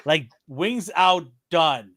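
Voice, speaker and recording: A man co-hosting a podcast tells a story in an animated, laughing way, acting out the voices he quotes. His voice sits a little high and swoops widely. The sound is dry and close. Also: drawn-out words, no room sound. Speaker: podcast co-host. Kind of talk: casual storytelling chat.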